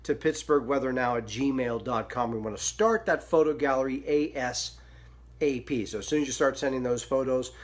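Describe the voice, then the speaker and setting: A man's voice: medium pitch, moderate pace. A man hosting a daily online weather show, talking in a chatty, informal way with frequent fillers and asides. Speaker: weather forecaster and show host.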